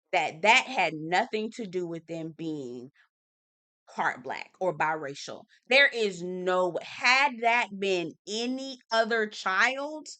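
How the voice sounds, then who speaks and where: A woman recapping a reality-TV episode in a casual vlog, blunt and animated, swearing freely and talking straight to her viewers. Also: mid-range voice. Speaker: TV review vlogger.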